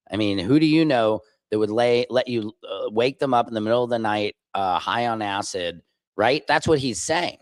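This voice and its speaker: A man's voice: mid-range voice, a little fast, no echo. A man hosting a live stream, giving blunt, opinionated reaction commentary. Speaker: streamer host.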